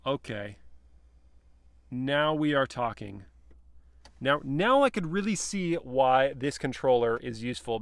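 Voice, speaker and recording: A man's voice: medium pitch, no echo. A man giving a casual, playful review from the back seat of a car, chatting and joking to himself as he goes.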